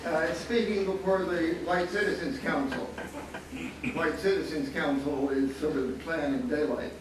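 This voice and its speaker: A man's voice: a little high, normal speed. Older man telling a wry story, echoey hall. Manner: wry, anecdotal, chuckling often. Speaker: panelist, former student photographer. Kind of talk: storytelling at a panel talk. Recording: echoey hall, distant mic, audible noise.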